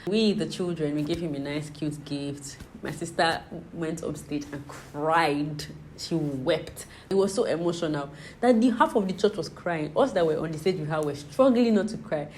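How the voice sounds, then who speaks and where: A woman's voice: deep voice, normal speed, few pauses, a little mellow, slight background noise, rough recording. A young woman vlogging to camera, gushing and emotional as she recounts a family celebration. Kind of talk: casual talk to camera.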